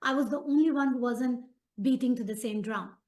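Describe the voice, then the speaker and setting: Woman, somewhat high voice, engaged talker, asks follow-up questions, casual chat. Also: brisk, a little mellow. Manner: engaged, asks follow-up questions, relates her own experience. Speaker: podcast guest. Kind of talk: conversational interview chat.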